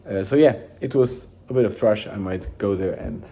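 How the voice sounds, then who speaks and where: Low, dark-voiced man rambling casually. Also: moderate pace, a little hiss or hum. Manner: rambling, relaxed, with many restarts and fillers. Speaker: vlogger. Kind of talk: casual daily journal vlog.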